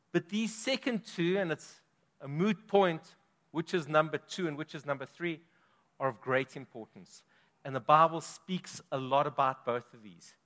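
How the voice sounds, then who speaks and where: A man's voice: a little high, a bit bright. Emphatic male preacher in a big hall. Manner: emphatic, dynamic preaching with strong swells in volume. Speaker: pastor. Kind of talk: sermon. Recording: long reverb of a large hall.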